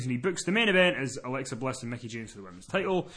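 A man co-hosting a casual podcast, recapping a show in long runs, profane and quick to laugh. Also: medium pitch, animated, bright, forceful tone. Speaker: wrestling podcast co-host.

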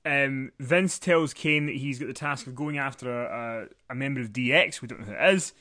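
A man's voice: mid-range voice, normal speed, sharp tone. A man co-hosting a casual recap podcast, rambling and joking with plenty of fillers. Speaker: podcast co-host. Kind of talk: casual chat recapping wrestling.

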